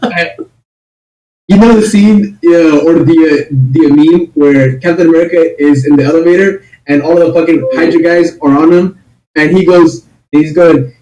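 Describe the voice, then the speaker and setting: A man in a casual livestream chat, animated, teasing and rambling. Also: a little high, normal speed. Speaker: panelist. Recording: echoey room, far from mic.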